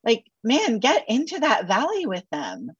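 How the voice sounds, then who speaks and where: A woman counselor talking on a podcast with sassy, animated asides and casual slang. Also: on the high side, unhurried, slightly rough, no echo, highs cut off. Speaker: counselor guest. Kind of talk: podcast interview.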